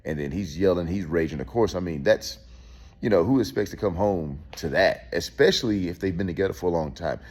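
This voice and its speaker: A man's voice: deep voice, brisk, a little mellow. A male host talking through a case in loose casual commentary, with many fillers and restarts.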